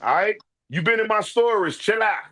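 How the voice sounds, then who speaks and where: A man's voice: high voice, expressive, normal speed, sharp tone. A man giving casual ranting commentary, brash and profane, calling people out directly. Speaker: online commentator.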